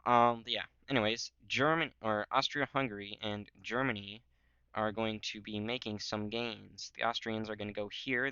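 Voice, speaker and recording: A man's voice: lowish voice, steady tone, moderate pace, bright, forceful tone, smooth, no room sound. A young man talking casually over a map, rambling with many fillers and joking voices. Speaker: history video creator. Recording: dull lo-fi mic.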